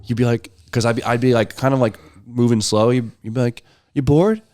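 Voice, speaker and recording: A young man in his twenties in a casual chat who tells animated stories, swears freely and mimics the voices of the people in them. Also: mid-range voice, brisk, dry recording, studio quality.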